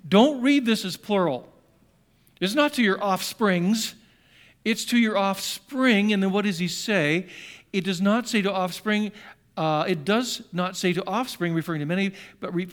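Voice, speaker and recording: A middle-aged man preaching a sermon, telling a story and explaining scripture, with frequent restarts and wry asides. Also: high voice. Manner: rambling and self-correcting, with wry asides. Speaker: pastor.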